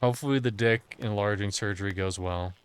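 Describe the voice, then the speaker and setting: A man's voice: lowish voice, a little fast, clear, resonant tone. A man streaming a game live, chatting crudely and jokingly with his chat while a bit drunk. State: tipsy.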